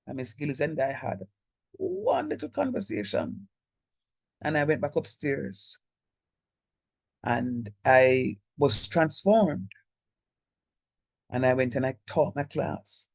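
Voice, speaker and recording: A man's voice: mid-range voice, sing-song, takes it slowly, creaky, long pauses, a little mellow, dry recording. A man with a Jamaican accent teaching an online math class, talking to students in a direct, chatty way over a video call. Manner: direct, chatty, code-switches into local speech. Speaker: lecturer.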